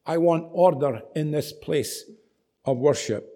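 A calm, authoritative teacher who speaks slowly, with a grave and firm delivery, as a preacher quotes him. His voice drops low and measured for the weightiest lines. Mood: stern.

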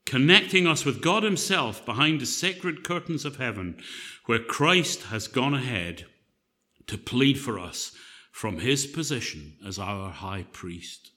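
Male preacher, bright conversational voice. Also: mid-range voice, very animated, measured pace. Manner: conversational, joking storyteller. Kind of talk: sermon.

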